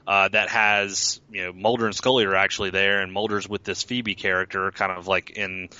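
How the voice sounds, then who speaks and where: A man's voice: low-pitched, flat delivery, normal speed, bright, forceful tone, highs cut off. A man casually recapping a TV episode as a podcast co-host, rambling with lots of fillers and restarts. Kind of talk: casual chat.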